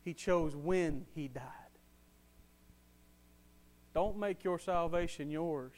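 A man preaching a sermon with passion, swinging from quiet to loud and repeating phrases for emphasis. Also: on the high side, takes it slowly.

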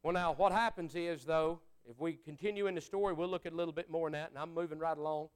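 Male preacher, high voice, smooth and resonant, folksy, swings from loud to soft. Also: fast talker. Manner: folksy, rising to fiery shouts and dropping to quiet asides. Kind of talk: sermon.

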